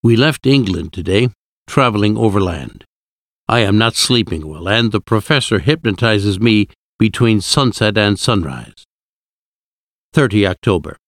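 A man narrating an audiobook in a steady, even storytelling manner. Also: lowish voice, no echo, studio quality. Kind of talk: scripted narration.

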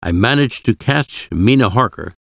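A man narrating a storybook in a measured, deliberate reading. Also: medium pitch, lively intonation, gravelly, no echo, clean studio sound. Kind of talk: audiobook reading of a classic novel.

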